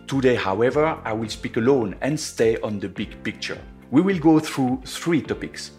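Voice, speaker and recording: A middle-aged man with a French accent, hosting a podcast and delivering scripted, measured commentary on investments. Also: mid-range voice, lively intonation, a little mellow, soft background music. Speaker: podcast host, investment officer.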